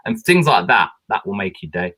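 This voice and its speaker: Lower-voiced man telling animated stories. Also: moderate pace, slightly rough. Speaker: panel guest, producer. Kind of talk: webinar anecdote telling.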